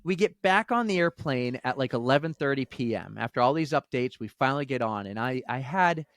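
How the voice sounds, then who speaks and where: A man's voice: mid-range voice, fairly quick, no echo, clean studio sound. A man co-hosting a podcast, telling a long story in a casual chat and acting out the voices of the people in it. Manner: animated storyteller, acts out quoted voices. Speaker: podcast co-host.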